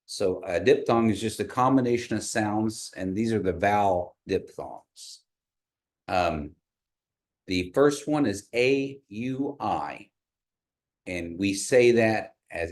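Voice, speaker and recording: A man teaching a language class in a classroom, patiently modeling sounds and having the learners repeat them. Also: lowish voice. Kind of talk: classroom pronunciation lesson.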